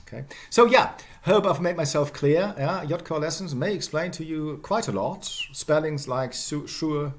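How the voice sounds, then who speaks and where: Slow, lively-pitched male lecturer. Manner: checks in with "yeah?" and "okay?", repeats example words many times. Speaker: university lecturer. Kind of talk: university lecture.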